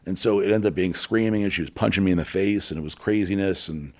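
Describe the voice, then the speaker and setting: Deep low-voiced guy telling his story, lots of ums and likes, swears bluntly. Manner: halting, filler-heavy, blunt with profanity. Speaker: interview guest. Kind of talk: candid personal storytelling.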